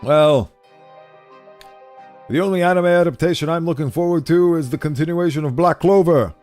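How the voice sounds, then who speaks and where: A man streaming a game, chatting casually and animatedly, self-deprecating and quick to laugh. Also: fairly high pitch, a little mellow, faint music behind. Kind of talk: casual commentary while playing.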